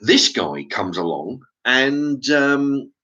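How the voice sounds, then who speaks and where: Animated, swearing man telling a story. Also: medium pitch, slow pace, dull audio. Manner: animated, swears freely, many restarts and repeated "right?". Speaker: vlogger. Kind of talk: casual storytelling monologue.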